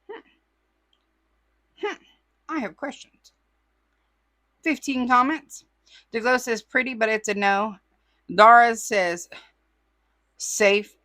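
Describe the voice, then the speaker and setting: A woman from California reads viewer comments aloud in a relaxed, chatty way, adding her own asides. Her voice is bright and forward. It sits close and dry, with no room sound around it. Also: fairly high pitch, no echo. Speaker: host reading viewer comments. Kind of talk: casual chat.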